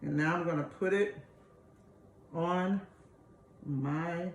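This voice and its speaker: A woman's voice: lowish voice, takes it slowly, slight background noise. Chatty woman in an echoey kitchen. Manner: chatty, homey, addresses viewers as y'all. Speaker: cooking video host. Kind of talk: casual cooking demonstration. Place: home kitchen.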